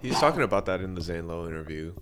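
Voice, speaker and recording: A man's voice: sits low, expressive, fast, fairly bright tone, smooth. A young man in casual chat, hesitant and thoughtful, using lots of fillers.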